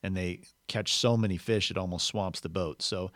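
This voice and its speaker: A man's voice: deep voice, fairly even intonation, normal speed, fairly bright tone, dry recording. A man preaching a sermon, explaining a Bible passage in a conversational teaching manner.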